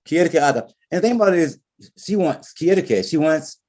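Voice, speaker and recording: A man's voice: on the high side, lively intonation, a little fast, darkish tone. A man teaching a Spanish class, correcting students patiently and repeating his words. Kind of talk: online class instruction.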